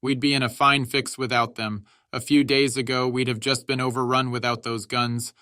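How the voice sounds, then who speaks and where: A man's voice: mid-range voice, flat delivery, moderate pace, sharp tone, smooth, no echo, clean studio sound, lightly acted. A man voicing a cold, wry soldier on lookout who speaks matter-of-factly.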